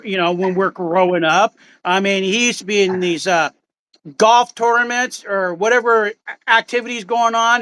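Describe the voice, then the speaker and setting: Higher-voiced man, rambling storyteller. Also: pushed and bright. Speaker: guest. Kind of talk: casual chat.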